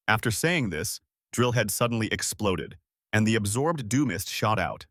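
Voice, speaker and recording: A man narrating a comic recap story in scripted, animated storytelling. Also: fairly low pitch, moderate pace, no echo, studio quality.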